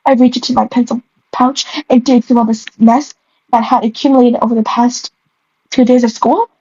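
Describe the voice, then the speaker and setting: A dull, dry, lo-fi recording captures a young woman reading her earlier story out loud, tripping over words and interrupting herself with self-mocking asides and giggles. Her voice is a little high and dark with a breathy edge, steady in tone and moderate in pace.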